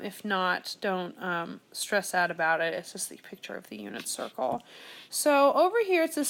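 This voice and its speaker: A woman's voice: medium pitch, gravelly. A young woman teaching a math lesson, talking through each step as she works problems aloud. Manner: steady step-by-step explaining, thinking aloud. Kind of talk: screen-recorded math lesson.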